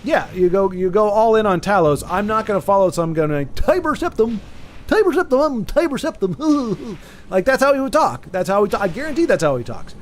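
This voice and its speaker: A man streaming a game and chatting casually, rambling with frequent restarts and sudden excited bursts. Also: high voice, fast, a little hiss or hum. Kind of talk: casual chat while gaming.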